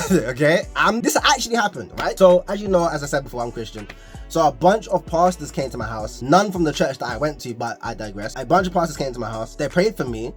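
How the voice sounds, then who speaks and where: Young london guy talking straight to camera, fired up, kinda high voice, soft music in the back. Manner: animated and frank, rising to high exasperated pitch when ranting. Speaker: vlogger sharing his story. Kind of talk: candid personal talk to camera.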